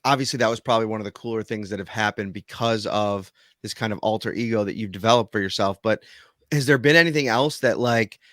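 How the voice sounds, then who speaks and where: A man's voice: fairly low pitch, fast, a bit bright, dry recording, clean studio sound. A man co-hosting a podcast, asking long, winding questions in casual chat. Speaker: podcast co-host.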